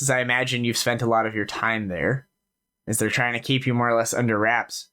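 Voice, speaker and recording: A man's voice: medium pitch, fairly even intonation, brisk, sharp tone. A man narrating a tabletop game as game master in a casual way, full of fillers.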